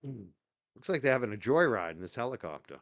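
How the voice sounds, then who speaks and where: A man's voice: mid-range voice, very animated, quick pace, fairly bright tone, no echo. A man hosting a live stream, giving rambling, opinionated commentary with frequent restarts and fillers. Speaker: show host.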